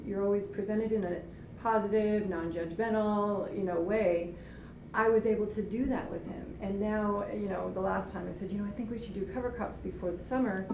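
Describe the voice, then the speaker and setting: A nervous woman shares with her class in an eager, rambling way. She sounds far from the mic in an echoey room. Clear noise sits behind her. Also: mid-range voice, fairly even intonation, moderate pace. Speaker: student, school garden founder. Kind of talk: sharing in class. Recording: echoey room, distant, noisy.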